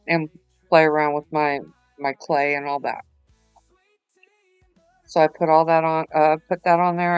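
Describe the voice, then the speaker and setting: A woman's voice: low-pitched, clear, resonant tone, no room sound, dull audio. A tired woman, rambling chattily with lots of fillers as she talks through a craft project. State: tired, yawning. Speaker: craft vlogger. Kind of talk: casual voice-over while crafting.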